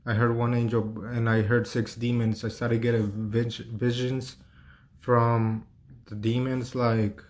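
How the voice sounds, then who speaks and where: A man's voice: medium pitch, little pitch movement, takes it slowly, darkish tone. A man telling a personal story in a loose, rambling way, full of fillers, restarts and swearing.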